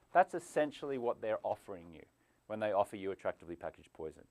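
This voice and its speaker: A man hosting a live stream as a sobriety coach, animated, jumping from loud bursts to quiet asides, on a clip-on mic indoors. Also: lowish voice, fast talker, no room sound. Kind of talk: energetic live stream pitch. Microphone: clip-on lapel mic.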